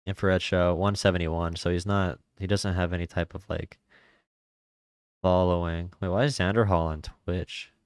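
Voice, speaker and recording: A man hosts his own political stream in a casual, wandering way. His voice is low and smooth, and it sounds dry and close, with no room around it. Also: fairly even intonation, moderate pace, no echo. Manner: distracted, laughs at his own slips.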